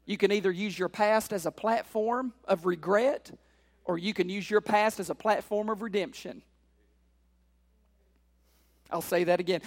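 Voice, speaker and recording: A man preaching a sermon, repeating phrases and asking the congregation questions, building up to shouted exhortations. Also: sits high, measured pace, long pauses, big-room sound. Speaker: pastor.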